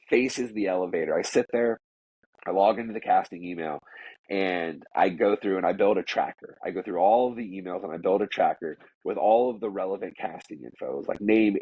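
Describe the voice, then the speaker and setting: A man with a low, slightly husky voice tells a story from his working life in an easy, conversational way. He rambles, fills his sentences with "like," and restarts his thoughts often. The recording sounds dull and lo-fi, with a dry, close sound. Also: a little mellow, dry recording. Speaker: podcast guest telling a work story. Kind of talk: casual storytelling.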